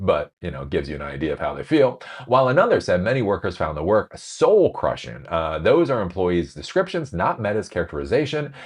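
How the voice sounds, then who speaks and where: Sarcastic male commentary host, deep voice, very lively delivery, reads then rants. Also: breathy edge. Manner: animated, sarcastic, swinging from reading to ranting. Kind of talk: podcast news commentary.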